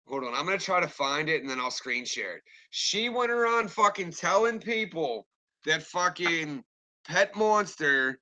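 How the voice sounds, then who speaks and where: A man's voice: fairly high pitch, pushed and bright. A man ranting on a live stream and answering his chat, angry, rambling and swearing constantly. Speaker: livestreamer talking to chat.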